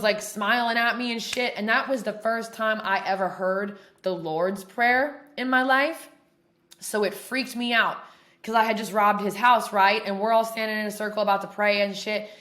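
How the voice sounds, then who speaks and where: A woman podcast host telling a story in casual, profane, animated talk. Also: medium pitch, normal speed. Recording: echoey room.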